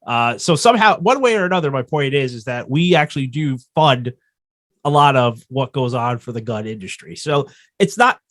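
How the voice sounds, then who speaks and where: A man's voice: mid-range voice, expressive, normal speed, fairly bright tone. A man co-hosting a podcast in casual chat, rambling and restarting his thoughts as he works through a point. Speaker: podcast co-host.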